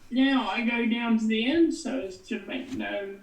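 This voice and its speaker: A woman's voice: a little high, moderate pace. A woman playing a character in a tabletop role-play, speaking casually. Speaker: player. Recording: echoey, distant mic.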